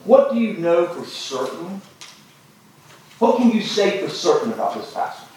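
Man, preaching, folksy and joking, high voice. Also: big pitch swings, moderate pace, darkish tone, echoey room, slight background noise, poor audio. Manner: folksy storytelling with jokes. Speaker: pastor. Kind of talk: sermon.

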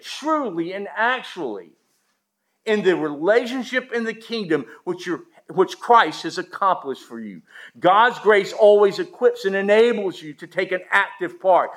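A man with a fairly high voice preaches a sermon. He is emphatic and keeps asking his listeners rhetorical questions, dropping to a hush and then rising loud again. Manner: emphatic, with rhetorical questions and sudden swings between loud and hushed.

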